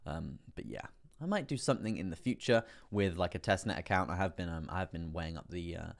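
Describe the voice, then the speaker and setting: Low-voiced man streaming market commentary. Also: fast, gravelly. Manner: chatty, rambling with fillers, breaks into laughs, excitable at price moves. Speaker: crypto trading live streamer.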